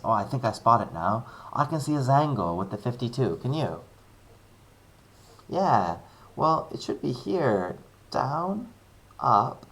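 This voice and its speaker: A male teacher narrates a worked maths example in a screen-recorded lesson, upbeat, chatty and thinking aloud with playful asides. He speaks at a medium pitch with a fairly bright tone.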